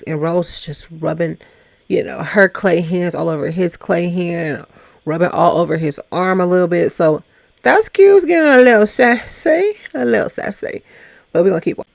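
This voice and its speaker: A woman's voice: lowish voice, gravelly, darkish tone, dry recording. A woman hosting a casual, sassy recap of a dating show, chatting to her viewers. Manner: chatty, sassy, quotes people in little voices. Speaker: reaction show host.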